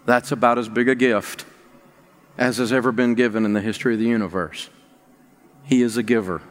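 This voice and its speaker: A middle-aged male pastor delivers a sermon in a mid-range voice at a moderate pace, starting with a personal story that builds into emphatic preaching. The recording carries the long reverb of a large hall.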